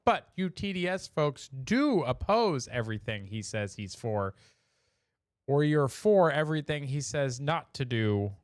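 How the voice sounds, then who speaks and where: A man's voice: mid-range voice, dry recording, clean studio sound. A man hosting a casual live show, joking about memes in a chatty way and laughing at his own jokes. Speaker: show host.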